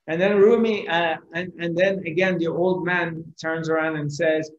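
A man, a spiritual teacher, telling a parable slowly and dramatically with pauses. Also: sits high, roomy sound, muffled recording, slight background noise. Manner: slow, dramatic storytelling with pauses. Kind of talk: storytelling discourse.

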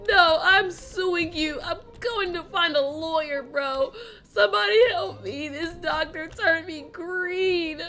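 A young woman with a very high, bright voice plays out a Roblox role-play scene. She speaks slowly and dramatically, with a whiny, complaining edge. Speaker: role-play video creator.

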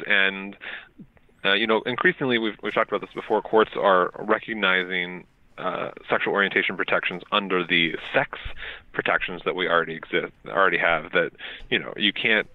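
A deep-voiced man speaks over a tinny phone line as a talk-radio guest. He explains points carefully, hedging with ums and little restarts as he builds his argument, and the sound is dry and close with no room around it. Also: no room sound. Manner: measured, filler-heavy explaining with many ums and restarts. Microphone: phone call.

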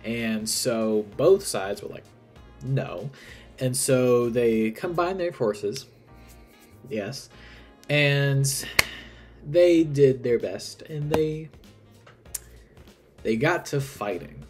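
A man's voice: mid-range voice, very slow, pauses often, a little mellow, faint music behind. A man giving a casual history explainer, chatty with self-aware asides and frequent fillers. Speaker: history presenter.

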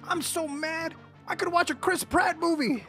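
A squeaky, fussy little caterpillar , as a man puts him on reading game lines with game music behind, his pitch jumping high into a shrill, wailing whine and swinging wildly. The voice has a gravelly edge even at its highest. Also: slow pace, exaggerated voice. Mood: furious. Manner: shrill, fretting, then shouting in a tantrum. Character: angry whiny male caterpillar creature. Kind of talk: reading game dialogue aloud in a voice.

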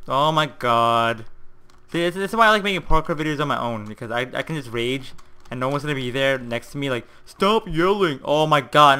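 Excitable young man swearing through gameplay. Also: mid-range voice, clear, resonant tone. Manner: excitable, swears often, quick swings into frustrated yelling. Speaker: gaming video host. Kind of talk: live gameplay commentary.

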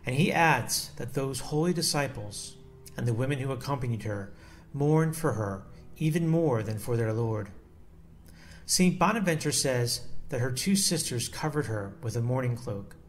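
A man reading a devotional text aloud in a slow, solemn and measured way. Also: mid-range voice, expressive. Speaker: devotional reader.

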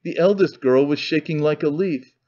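A man reading an audiobook in measured, deliberate narration. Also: a little high, a little mellow. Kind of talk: scripted narration. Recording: dull lo-fi recording.

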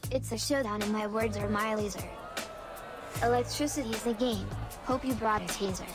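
A woman's voice: medium pitch, fairly even intonation, moderate pace, over music, natural voice. A woman voicing a boastful young female rapper in a video game, delivering taunting rhymes in a rhythmic flow. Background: rap beat.

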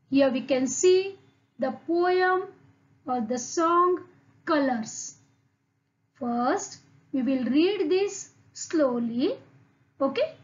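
High, very slow Indian English teacher. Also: female voice, dull audio. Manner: repeats words slowly and asks the class questions. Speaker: primary school English teacher. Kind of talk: slow, deliberate online lesson for young children.

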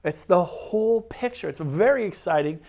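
A man's voice: sits high, expressive, moderate pace, darkish tone. A man who works as a real estate broker, giving an enthusiastic, rambling sales talk about his brokerage. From Sacramento, California. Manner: enthusiastic, rambling, repeats phrases.

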